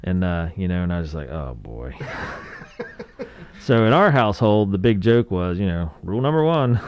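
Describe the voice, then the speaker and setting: A man's voice: lowish voice, expressive, normal speed, darkish tone, dull audio. A man in his forties from West Virginia, co-hosting a podcast and telling laid-back stories about a movie, often chuckling and acting out quotes. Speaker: podcast co-host. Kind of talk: casual movie review chat.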